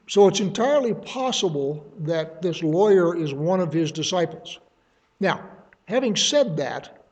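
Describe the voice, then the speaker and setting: A man's voice: fairly high pitch, a little mellow, muffled recording. A man leading a Bible study in a conversational way, thinking aloud and adding asides. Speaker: Bible teacher.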